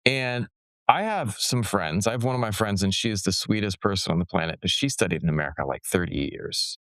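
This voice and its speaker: Lively, laughing male podcast host. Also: fairly low pitch, a little fast, no echo. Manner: animated storyteller, laughs often, lots of "like". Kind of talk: casual podcast conversation.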